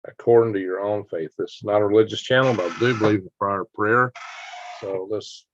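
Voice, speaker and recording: A man from Alabama with a fairly low voice moves at a quick clip as he hosts a casual live stream, chatting with viewers and rambling through stories with sound effects and chuckles. A little hiss or hum sits under the dry, dull, lo-fi home audio.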